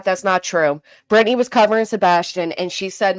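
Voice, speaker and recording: A woman's voice: mid-range voice, fairly quick, few pauses. A woman hosting a commentary livestream, venting in an exasperated, rambling way with frequent restarts and reading chat aloud. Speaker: commentary channel host.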